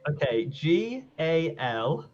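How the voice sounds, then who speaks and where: Lively, animated man on a dull mic. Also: a little high, slow, soft background music. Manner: animated, laughs often, exclaims loudly when wrong. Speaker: community manager. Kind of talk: casual game stream chat.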